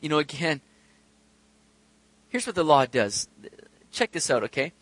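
A pastor preaches in a high, bright, sing-song voice, unhurried and chatty with his listeners. He lifts into emphatic, climbing peaks to drive his points home. The sound is dry and close, with no room echo.

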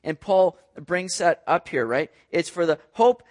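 High-voiced man teaching the Bible. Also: animated, unhurried. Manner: conversational, explanatory, with fillers.

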